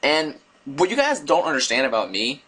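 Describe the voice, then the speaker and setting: A young man telling a story casually to his viewers, rambling and digressing with an animated delivery. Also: fairly high pitch, normal speed, breathy edge. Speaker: vlogger.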